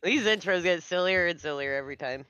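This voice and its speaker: A man's voice: high-pitched, quick pace, sharp tone, smooth, no room sound, muffled recording. A man co-hosting a casual chat, upbeat and laughing as he hypes the guests. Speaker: podcast co-host.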